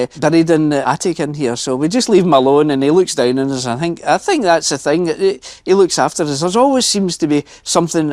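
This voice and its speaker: A man's voice: a little high, a little mellow, no echo. A Scottish man who manages a theatre, speaking plainly in an interview and often restarting his sentences. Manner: plain-spoken, repeats himself when starting thoughts. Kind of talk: interview reminiscing.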